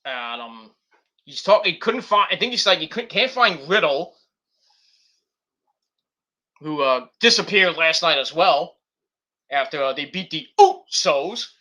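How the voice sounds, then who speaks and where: A man on a live stream gives a loose, rambling recap of a wrestling show, full of fillers and restarts. His voice sits high and sounds very bright and sharp. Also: very animated, unhurried, long pauses.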